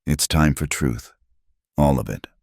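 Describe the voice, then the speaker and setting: A man reading a Western story voicing a stern, quiet frontier husband and father. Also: extremely low pitch, a little slow, vocal fry, no echo, studio quality, exaggerated voice. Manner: quiet, firm.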